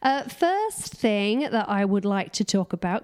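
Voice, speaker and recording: A woman trades quick, jokey banter as a podcast co-host. She chats casually from a sofa at home and keeps the tone light and fast-moving. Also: mid-range voice, very animated, a little mellow, smooth. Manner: chatty, jokey, quick-talking. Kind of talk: casual chat.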